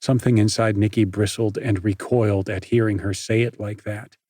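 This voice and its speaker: A man with a husky voice reading an audiobook in a steady, measured way. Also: fairly low pitch, no echo, clean studio sound. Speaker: audiobook narrator. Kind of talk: scripted narration.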